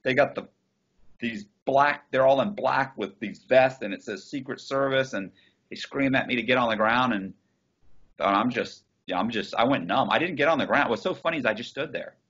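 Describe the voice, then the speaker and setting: Guy telling a story on a call, husky voice, dull muffled audio, swears a lot. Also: medium pitch, fairly quick, a bit bright. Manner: swearing, restarts, quoting others in his telling. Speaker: interview guest. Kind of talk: casual storytelling.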